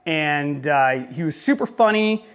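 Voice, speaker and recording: A man's voice: a little high, expressive, measured pace, fairly bright tone, smooth. A young man talking casually in a motorcycle vlog, rambling with joking asides. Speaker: motovlogger.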